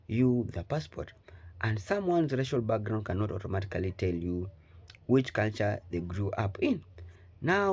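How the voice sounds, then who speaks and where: A male reaction channel host with a Jamaican accent, giving measured, explanatory scripted commentary. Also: lowish voice, vocal fry, a little mellow, husky.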